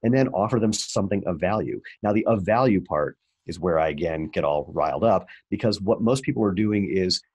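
A very low-pitched, husky male voice belonging to a man in his fifties. He talks in a wry, animated way with plenty of fillers and restarts, as a podcast interview guest. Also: fairly quick, hardly any pauses. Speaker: entrepreneur guest.

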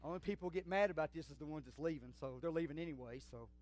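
A middle-aged pastor preaching a sermon in a church, swinging from shouts to near whispers in folksy talk. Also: male voice, fairly high pitch, very fast. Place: church sanctuary.

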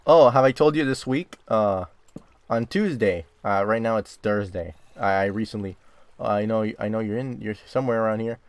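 A young man hosting a gaming video, chatting casually and often swearing and yelling when startled, recording in a dark closet. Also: lowish voice, moderate pace, no room sound. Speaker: gaming channel host. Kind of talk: casual game commentary.

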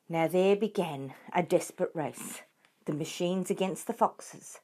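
A woman reading a children's book aloud in a clear, expressive way. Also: on the low side, unhurried. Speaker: storyteller for children.

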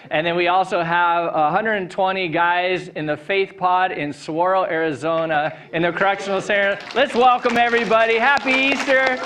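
A man's voice: high-pitched, fairly bright tone. A man preaching an Easter sermon as a pastor, chatty and upbeat, telling a personal story with laughter on stage before a congregation.

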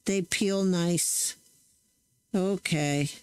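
Slow, chatty woman crafting on camera. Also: lowish voice, darkish tone, smooth, no echo, low-quality recording. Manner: chatty, self-correcting, talks to viewers while working. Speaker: craft channel host. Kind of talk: casual crafting demo chat.

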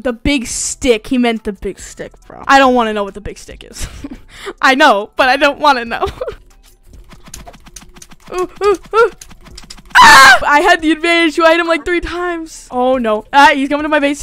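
A young man giving excitable gameplay commentary, yelping, laughing and talking in slang. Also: very high-pitched, no echo. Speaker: gaming YouTuber.

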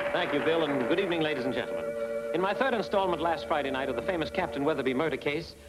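An actor playing a radio detective host who narrates crime stories in a theatrical, suspense-building 1940s style. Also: male voice, fairly high pitch, natural voice, rough recording. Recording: loud music underneath. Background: loud music.

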